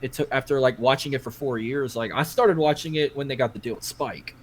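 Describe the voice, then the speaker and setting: A man's voice: medium pitch, a little fast. Brief: Cajun man, podcast co-host, rambling, profane, casual. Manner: rambling, profane, heavy on filler "like".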